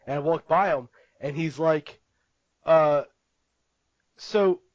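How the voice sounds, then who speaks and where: Chatting casually as a podcast co-host, a man recounts a story, laughing often and performing other people's lines. He speaks slowly in a slightly high voice, captured in a lo-fi recording without echo.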